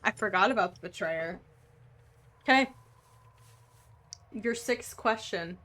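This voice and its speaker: A woman running a tabletop game as game master, narrating scenes in an unhurried, descriptive way. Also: mid-range voice, sharp tone.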